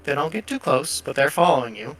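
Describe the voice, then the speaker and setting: A man narrating a tabletop game as game master, relaxed and hesitant, with frequent fillers. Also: a little high, fairly quick.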